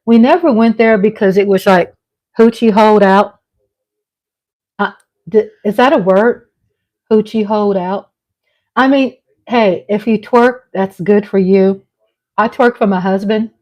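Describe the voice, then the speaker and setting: A woman's voice: mid-range voice, unhurried, long pauses, darkish tone. Chatty Southern woman vlogger. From Texas. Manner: chatty, laughs often, playful asides to her husband. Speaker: vlog host. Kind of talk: casual livestream chat.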